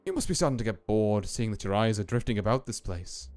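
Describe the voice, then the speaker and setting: A man voicing a calm, solemn female graveyard keeper with a faint put-on Scottish lilt, speaking slowly and ominously over faint music. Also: lowish voice. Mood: eerie. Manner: slow, deliberate, ominous storytelling.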